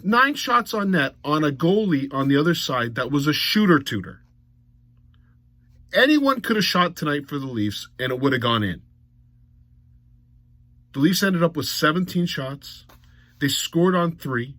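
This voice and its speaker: A man's voice: fairly high pitch, sing-song, measured pace, long pauses, bright, forceful tone, no room sound. A man recapping a hockey game in a blunt, mocking monologue that rises to exasperated outbursts. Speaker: hockey commentator.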